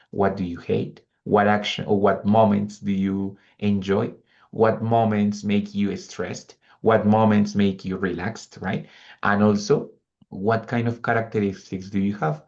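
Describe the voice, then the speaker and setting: A man's voice: fairly low pitch, creaky, a little mellow, muffled recording. A male English teacher giving a lesson, patiently repeating example phrases and checking in with his students. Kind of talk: online language lesson, mixing English and Spanish.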